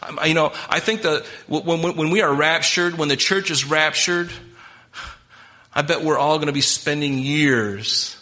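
A man's voice: on the high side, normal speed, bright, forceful tone. A man preaching a sermon as pastor, emphatic and impassioned, talking straight to his congregation.

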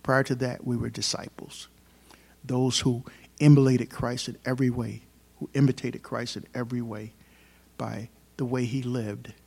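A man preaches to a congregation in an easy, talking-to-you way. His medium-pitched voice climbs sharply when he stresses a word and settles back down between points. He keeps asking his listeners questions. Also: vocal fry, darkish tone. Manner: conversational preaching with rhetorical questions and emphatic rises. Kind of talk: sermon. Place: church service.

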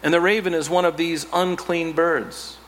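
A male pastor preaching a sermon, animated, with playful asides and self-mocking humor. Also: fairly high pitch, moderate pace, in a large hall, slight background noise.

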